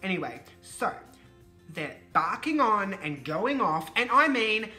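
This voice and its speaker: A woman from Australia with an Australian accent, telling a storytime on her vlog with animated, profane ranting. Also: mid-range voice, slow pace, soft background music. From Queensland, Australia. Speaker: vlogger.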